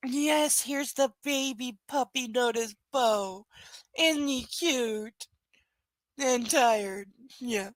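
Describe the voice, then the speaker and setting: A woman with a high, bright voice hosts a casual livestream from home. She drifts between cooing baby talk at her dog and dry sarcasm about the book. The sound is close and dry. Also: no echo, rough recording. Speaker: livestream reader and host.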